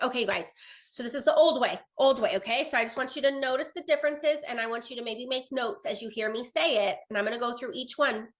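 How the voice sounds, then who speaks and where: A woman's voice: medium pitch, a bit bright. A young adult woman giving a casual sales training talk over a video call, chatty and earnest, with many fillers and restarts as she reads from her notes.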